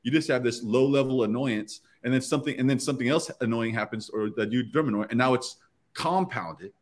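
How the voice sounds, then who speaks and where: Guy on a podcast panel breaking stuff down step by step, mid pitch, keeps acting out little bits of dialogue. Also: fairly quick. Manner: explains step by step, often acting out quoted dialogue. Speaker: podcast guest. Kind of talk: casual round-table explanation.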